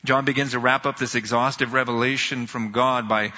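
A man on a church's staff preaching a sermon, telling stories earnestly and slowing down when he reads scripture. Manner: earnest, storytelling, rises in pitch when excited, slows for scripture. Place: church sanctuary. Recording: dull sound in a reverberant hall.

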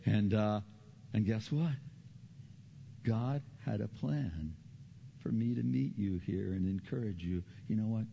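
A middle-aged man preaching a sermon as pastor. He tells stories earnestly, repeats his key phrases, and his pitch climbs when he gets animated. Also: unhurried, gravelly, long pauses, husky. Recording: slightly dull recording with faint background noise.

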